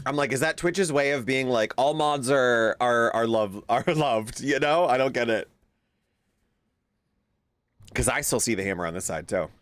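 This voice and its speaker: A man's voice: medium pitch, moderate pace, fairly bright tone, dry recording. A young man streaming live, chatting casually with his viewers and greeting them by name, now and then cooing at his pet. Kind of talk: casual livestream chat.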